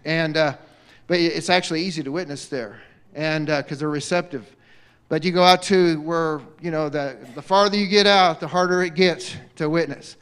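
A man's voice: a little high, steady tone, normal speed, fairly bright tone, clean tone. A middle-aged man preaching a sermon in church, telling stories with frequent amens and restarts. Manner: storytelling, frequent amens, many fillers and restarts. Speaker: guest preacher. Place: church sanctuary.

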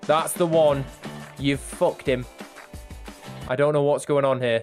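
A man's voice: mid-range voice, fairly even intonation, moderate pace, pauses often, faint music behind. A young man giving crude, sarcastic gameplay commentary full of swearing. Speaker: gaming YouTuber.

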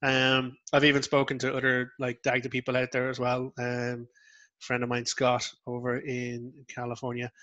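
Irish man, podcast guest, bright voice, mid pitch, chatty anecdotes. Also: monotone, moderate pace, lo-fi sound. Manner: chatty, self-deprecating, rambling anecdotes. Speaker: interview guest, storyteller. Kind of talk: casual interview chat.

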